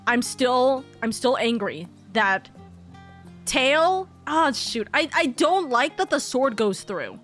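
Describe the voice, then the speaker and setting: High-voiced excitable woman streamer. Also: takes it slowly, soft background music. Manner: excitable, profane, laughs often. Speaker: game streamer. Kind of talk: casual live-stream chatter.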